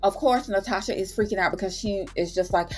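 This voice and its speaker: A woman's voice: medium pitch, brisk, a little mellow, faint music behind. A woman hosting her own review channel, chatting through a TV episode recap with dramatic retellings and slangy asides. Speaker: TV and film review channel host.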